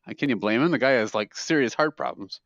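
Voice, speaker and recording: A man co-hosts a podcast, rambling through casual, funny stories and often laughing at his own tales. His mid-range voice is quick with a fairly bright tone and no echo, on a dry, slightly dull podcast mic.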